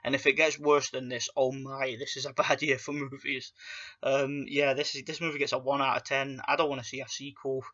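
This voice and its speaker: A man rants through a movie review, blunt and profane, with plenty of open scorn. His voice is bright and forceful. The recording sounds dull and lo-fi. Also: mid-range voice, flat delivery, a little fast. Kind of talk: casual ranting film review.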